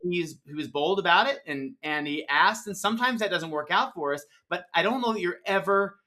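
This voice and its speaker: A man's voice: high voice, expressive, fairly quick, sharp tone. A man co-hosting a podcast in casual conversation, affirming his partner and thinking aloud as he goes. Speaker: podcast co-host.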